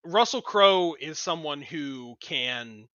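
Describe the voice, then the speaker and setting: A man co-hosting a casual film review, talking in halting bursts with restarts. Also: a little high, expressive, pushed and bright, clean tone, no echo, muffled recording. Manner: halting, restarts and fillers, plain-spoken opinions.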